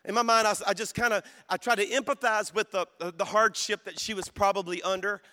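Bright, high-voiced man preaching. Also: steady tone, a little fast. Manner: storytelling, dropping to soft voice then rising to shouts. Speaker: pastor. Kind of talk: sermon. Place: conference hall.

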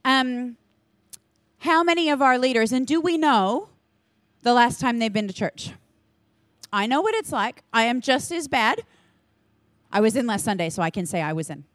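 A woman giving a conference talk to church leaders in an energetic, earnest, chatty manner with quick asides. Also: on the high side, no echo. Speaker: church children's ministry leader speaking to leaders.

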